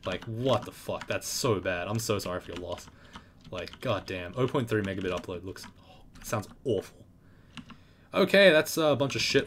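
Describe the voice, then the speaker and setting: A man's voice: lowish voice, noisy background. A young man casually commenting on a live game stream, swearing and joking in mock trash talk at the game. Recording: loud keyboard clicks and typing.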